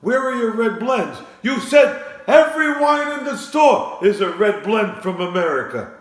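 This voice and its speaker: A man doing a shouty, exasperated old man. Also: high-pitched, big pitch swings, voice pushed up. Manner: shouty, exasperated, drawn-out complaining. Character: flustered, indignant old man ranting. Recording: echoey home studio.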